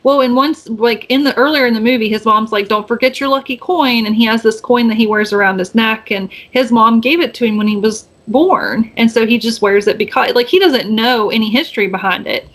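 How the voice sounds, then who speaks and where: Chatty rambling woman with a slightly high voice. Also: brisk, hardly any pauses, fairly bright tone. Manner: chatty, rambling, many fillers and restarts; acts out quoted lines with raised pitch. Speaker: podcast co-host. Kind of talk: casual movie recap chat.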